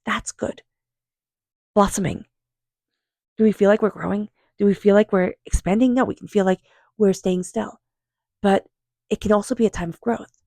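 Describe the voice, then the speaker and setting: A woman doing a tarot reading, speaking in a calm, unhurried, affirming way and softly repeating invocations. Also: mid-range voice, no echo. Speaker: tarot reader. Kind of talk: tarot card reading monologue.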